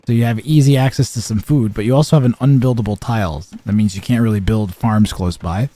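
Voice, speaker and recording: A young man with a lowish, mellow voice talks briskly while streaming a strategy game. He chats casually with viewers and commentates, rambling with plenty of fillers and restarts.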